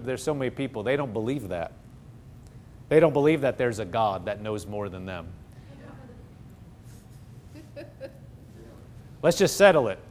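A man preaching a sermon, swinging from loud, excited exclaiming to low, hushed tones. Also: slight background noise.

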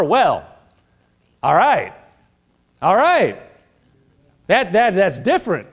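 Man preaching, high voice, very lively, call-and-response, chatty asides. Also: slow, long pauses, husky. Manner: conversational, restarts and asides. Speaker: pastor. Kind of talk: sermon.

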